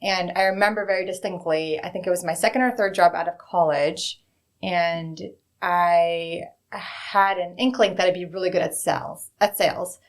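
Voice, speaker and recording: A woman's voice: lowish voice, fairly even intonation, moderate pace. Frank, chatty woman executive. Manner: frank, conversational storytelling. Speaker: guest, bank executive. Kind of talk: candid interview answers.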